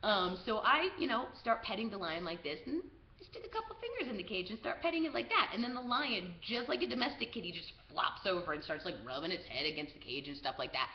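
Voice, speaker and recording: A young woman from the US tells a travel story straight to camera. She talks in an animated way, full of fillers like "like" and "um". The audio is roomy and a little muffled. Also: medium pitch, fast. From USA. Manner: animated, lots of "like" and "um". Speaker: travel vlogger. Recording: roomy, slightly dull video audio.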